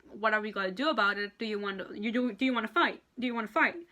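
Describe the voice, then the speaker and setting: A woman's voice: mid-range voice, very fast, sharp tone, close to an everyday voice. A woman voicing a flustered female undersea queen with panicky, valley-girl exclamations. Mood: alarmed.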